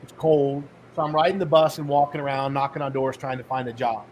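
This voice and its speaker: A middle-aged man, a guest on a podcast, telling his life story with animated storytelling and acting out the dialogue. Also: mid-range voice, brisk, slight background noise, rough recording. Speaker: podcast guest, author and speaker.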